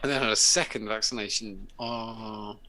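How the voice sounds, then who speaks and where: A man's voice: lowish voice, fairly even intonation, moderate pace, pushed and bright. A man, hosting a casual live chat show, chatty and sweary. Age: late 30s. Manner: sweary, chatty, laughs often. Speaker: host.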